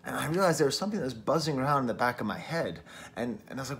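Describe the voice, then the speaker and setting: Casual male record reviewer from New England, mid-pitched, chatty and self-mocking, faint hiss behind him. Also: animated, rapid-fire, a bit bright. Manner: chatty and wry, laughs at himself often. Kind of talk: casual spoken album review. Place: at home, early morning. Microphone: camera mic.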